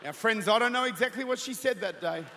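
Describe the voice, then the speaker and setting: A man's voice: sits high, quick pace, pushed and bright, a little hiss or hum. A man in his thirties preaching a sermon, telling a humorous story and building into fervent prayer. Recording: reverberant hall with music.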